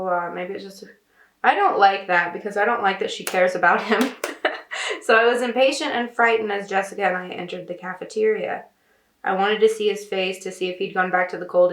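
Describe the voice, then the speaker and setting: Reading a novel aloud, a woman writer with a lowish, somewhat bright voice drops sarcastic, snarky remarks between passages in a casual way. Faint noise and echo mark the room she's recorded in.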